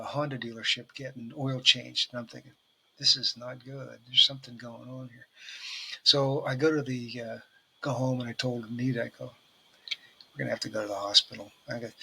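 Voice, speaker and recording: A man's voice: mid-range voice, vocal fry, bright, forceful tone, a little hiss or hum. A man co-hosting a casual talk show, telling rambling, jokey stories with casual swearing. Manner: rambling storyteller, swears casually, laughs often. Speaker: podcast co-host. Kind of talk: casual chat.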